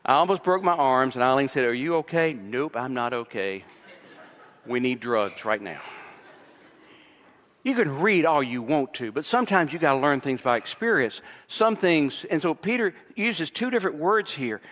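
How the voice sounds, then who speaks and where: This man is a pastor giving an expository sermon in a large hall, mixing scripture and personal stories. His intonation is lively and his tone fairly bright, at a moderate pace, and his pitch goes up when he pushes a point.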